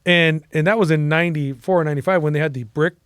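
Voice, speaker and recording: An animated middle-aged man from the United States tells stories as a guest, swearing casually and slipping into the voices of the people he quotes. His voice sits fairly high for a man. The sound is close and dry, with no room echo. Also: fast talker, clean tone. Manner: animated, profane, acts out quotes. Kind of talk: casual storytelling interview.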